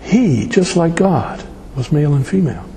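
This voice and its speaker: A man preaching a sermon, animated and full of rhetorical questions. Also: on the high side, moderate pace. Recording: echoey hall with long reverb, faint noise.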